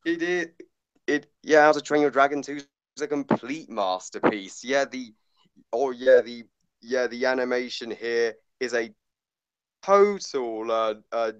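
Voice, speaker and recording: Halting, blunt man reviewing a movie. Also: mid-range voice, clear, resonant tone, no echo, poor audio. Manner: halting, many fillers and restarts, blunt and swearing. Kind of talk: casual movie review chat.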